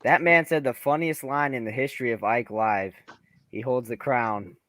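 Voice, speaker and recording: Man, bright forceful voice, animated, laughs a lot, co-host banter. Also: mid-range voice, moderate pace, no echo. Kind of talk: casual joking chat.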